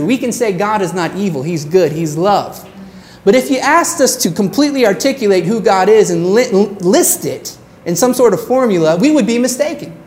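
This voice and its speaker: A woman pastor preaching a sermon in an earnest way, slowing down on her key phrases. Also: medium pitch, a little mellow.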